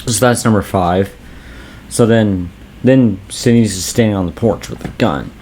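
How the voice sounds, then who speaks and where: A man casually recapping a horror movie plot with a co-host, animated in his retelling. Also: moderate pace, slight background noise. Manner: animated retelling, acts out quotes in high voices. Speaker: movie reviewer.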